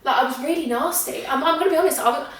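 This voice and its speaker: A woman's voice: high-pitched, fairly bright tone. A young woman hosting a podcast, chatty and giggly as she tells stories. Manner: chatty, quick, giggly storytelling. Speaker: podcast host. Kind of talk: casual chat. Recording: echoey room, mic at a distance.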